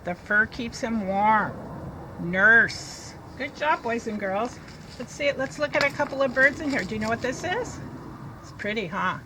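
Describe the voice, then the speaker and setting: Woman, reading teacher, picture-book lesson for kids, slightly high, crisp and bright, sounds out letters. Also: expressive, a little hiss or hum, low-quality recording. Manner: slow, sing-song, sounding out letters. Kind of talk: read-aloud lesson for young children.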